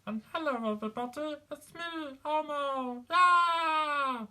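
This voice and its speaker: A gleeful, squeaky furry puppet monster, as a man puts him on. The voice is pitched well above his own and stays bouncy and cheerful, even when it turns playfully menacing. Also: slow pace, full character voice.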